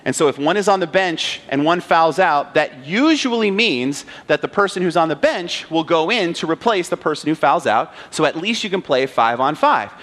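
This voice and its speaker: A man with a somewhat high voice preaches from the pulpit. He turns a film scene into a lively story, acting out each moment. Now and then he throws a question out to the congregation. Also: moderate pace, hardly any pauses. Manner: animated retelling, acting out scenes; rhetorical questions to the audience. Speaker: pastor. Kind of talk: sermon with storytelling.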